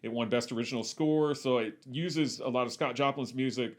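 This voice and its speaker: A man co-hosting a casual film discussion, eager and talkative. He strings facts together loosely with frequent fillers and restarts, his voice sitting at an ordinary middle pitch. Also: fairly quick. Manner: enthusiastic, rattles off trivia with many fillers. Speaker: podcast co-host.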